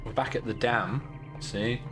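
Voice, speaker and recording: A man's voice: medium pitch, steady tone, a little slow. A man giving casual, joking commentary while streaming a video game. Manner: chatty, joking, sarcastic. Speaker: gaming streamer. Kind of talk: casual let's-play commentary. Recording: game music behind.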